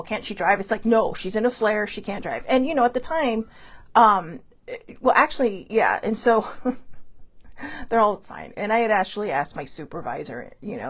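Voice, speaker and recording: A woman hosts her show and tells a personal story in a loose, rambling monologue. Her pitch swings widely as she talks, and she keeps restarting sentences and filling pauses as she goes. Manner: rambling, chatty, frequent fillers and restarts; animated, laughs between thoughts. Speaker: show host. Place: Hawaii show.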